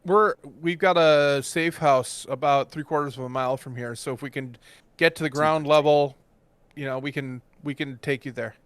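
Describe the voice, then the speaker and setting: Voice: medium pitch, fairly even intonation, normal speed, clean tone, dry recording. A player in a tabletop game, casually talking through plans for the group. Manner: planning out loud, practical.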